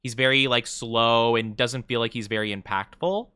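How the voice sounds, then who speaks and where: A young man chatting casually on a game live stream, playful and jokey, with bursts of mock self-pity and quick laughs. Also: medium pitch, steady tone, pushed and bright, clear, resonant tone, no room sound.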